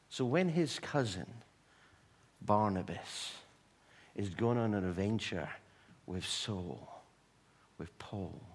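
A man preaching a sermon, retelling stories in an animated way with humorous asides to the congregation. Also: on the low side, breathy edge. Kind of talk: sermon storytelling.

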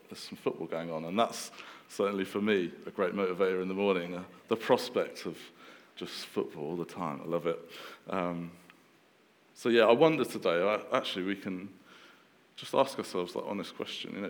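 A man in his thirties preaching a sermon in a relaxed, conversational way, with fillers and restarts. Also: low voice, fairly quick, long reverb tail.

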